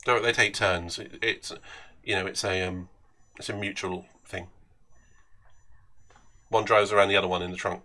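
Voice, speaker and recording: A man's voice: low-pitched, steady tone, moderate pace, bright, forceful tone. A man with an English accent chatting and joking with viewers while commentating his own racing game on a live stream. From England.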